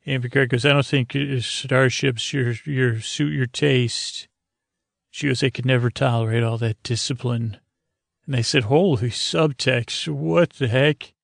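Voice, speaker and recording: Man, podcast host, monotone gravelly rambling recap, dry close sound. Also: medium pitch, unhurried, no echo. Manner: rambling, full of uh and "he goes" asides. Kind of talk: casual, drowsy recap.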